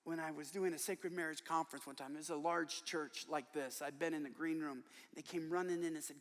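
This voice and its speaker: An older man preaches in a large church, and his voice sits fairly high for a man. He tells stories with animation and acts out the people he quotes. A long reverb trails after his voice in the big hall. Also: fairly even intonation, brisk, hardly any pauses, fairly bright tone. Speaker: guest preacher. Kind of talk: sermon. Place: large church worship center.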